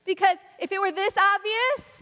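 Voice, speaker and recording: A woman's voice: very high-pitched, moderate pace, bright, forceful tone, in a large hall. A woman preaching a sermon in a church, with rhythmic, repetitive and emphatic delivery.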